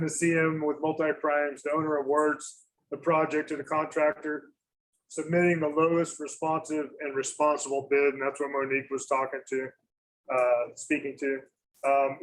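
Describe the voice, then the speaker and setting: A man's voice: fairly high pitch, a bit bright, low-quality recording. Man, meeting presenter; hesitant delivery, lots of fillers and restarts, light background hiss. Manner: halting, many fillers and self-corrections. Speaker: school district facilities presenter.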